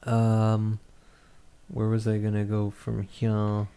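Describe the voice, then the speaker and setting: A man chatting on a book club podcast in a loose, joking way, with swearing tossed in. His voice sits low and warm. He sounds relaxed and easygoing. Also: takes it slowly, smooth. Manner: laid-back, swears freely, jokey asides. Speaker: podcast co-host. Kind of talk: casual book club chat.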